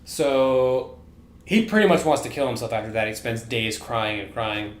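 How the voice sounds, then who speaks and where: A man co-hosting a relaxed podcast chat, spinning out a long story in loose, rambling sentences. He swears freely and keeps filling the gaps with "like." His voice sits in a middling register and rings a little in a roomy, echoey space. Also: medium pitch, moderate pace. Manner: profane, rambling storytelling full of "like". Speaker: podcast co-host. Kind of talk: casual chat.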